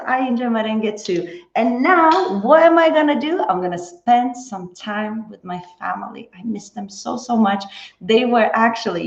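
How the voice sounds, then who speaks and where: A woman's voice: medium pitch, creaky, muffled recording. Bubbly woman live-streaming in an echoey room. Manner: bubbly, chatty, thanks viewers by name. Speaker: online dance teacher. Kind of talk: live-stream chat after class. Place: indoors at home.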